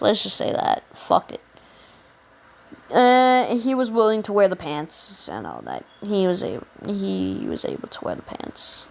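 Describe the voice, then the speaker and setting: A woman casually retelling a fan story, rambling, slangy and profane, with frequent laughs. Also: mid-range voice.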